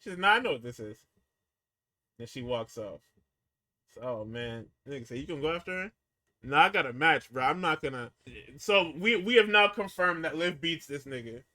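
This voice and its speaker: A man's voice: a little high, lively intonation, normal speed, bright, forceful tone. A man co-hosting a podcast, recapping wrestling in casual, profane chat, acting out quotes and laughing often.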